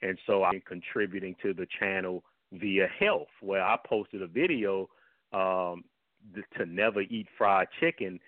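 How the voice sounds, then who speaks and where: A man's voice: low voice, measured pace, no echo. A man speaking as a health guest on a radio talk show, blunt and heated in his manner. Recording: tinny phone line, dry.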